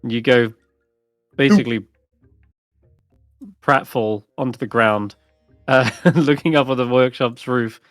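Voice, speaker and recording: A man narrating as dungeon master, relaxed and hesitant, with plenty of fillers. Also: mid-range voice, slow, long pauses, no room sound, studio quality, soft background music. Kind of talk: narrating a tabletop game.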